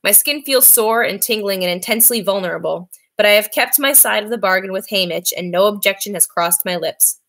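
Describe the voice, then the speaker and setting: A woman reading a novel aloud in a steady, clear voice. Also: mid-range voice, a little fast, hardly any pauses. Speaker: reader.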